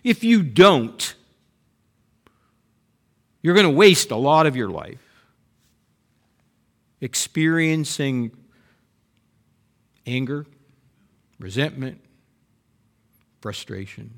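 A man's voice: mid-range voice, extremely slow, long pauses. A man preaching a sermon as pastor, talking to the congregation and acting out heartfelt prayers and complaints to God. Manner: expressive, acts out voiced prayers and complaints.

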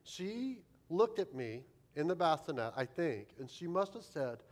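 A man's voice: on the high side, big pitch swings, unhurried. A man preaching as a pastor, telling a humorous, self-deprecating childhood story in a sermon.

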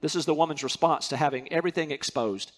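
A man's voice: a little high, fast talker. A man preaching a sermon as pastor, earnest and emphatic, repeating key words to drive them home.

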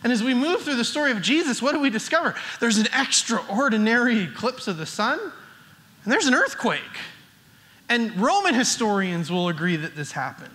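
A man's voice: high-pitched, sharp tone. A middle-aged man preaching a sermon as pastor, earnest and emphatic. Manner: earnest, builds emphasis with restarts.

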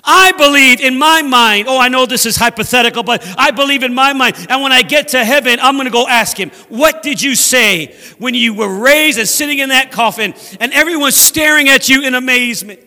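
A man preaching a sermon as a guest speaker in a church, animated and acting out voices from scripture. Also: very high voice, fairly quick, hardly any pauses, long reverb tail. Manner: animated, acts out scripture voices, laughs at own jokes. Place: church sanctuary.

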